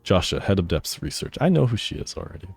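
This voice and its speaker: A man's voice: low voice, sing-song, quick pace, gravelly, darkish tone, breathy edge, soft background music, heavily acted. A man voicing an eccentric older male researcher who reads his game lines in a theatrical, dramatic way.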